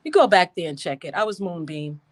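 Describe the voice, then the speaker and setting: A woman hosting a casual live stream, animated and laughing, greeting her chat by name. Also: on the low side, fairly quick.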